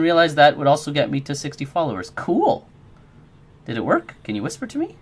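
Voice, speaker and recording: A man's voice: a little high, huge pitch swings, brisk, husky. A man streaming his game development work, chatting casually with viewers in a rambling, friendly, encouraging way and answering chat.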